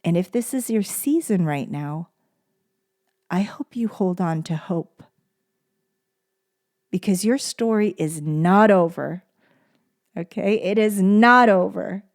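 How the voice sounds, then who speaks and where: Slow, gentle-voiced woman podcast host. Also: medium pitch, expressive. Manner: gentle, soft-spoken, tender, repeats phrases for emphasis. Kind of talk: heartfelt solo podcast monologue.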